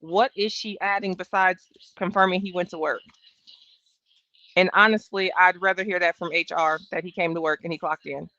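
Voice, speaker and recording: A woman's voice: on the low side, steady tone, normal speed, bright, forceful tone. Blunt, sassy woman streaming trial commentary. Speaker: livestream trial-watch host. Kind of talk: casual live commentary. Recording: dull, dry home stream audio.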